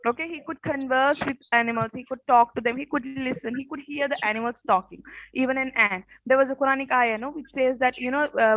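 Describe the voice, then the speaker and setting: High-voiced woman teacher with a rough morning voice. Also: bright, forceful tone, dry recording, poor audio. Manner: peppers speech with "okay" and quiz questions. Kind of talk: casual classroom storytelling.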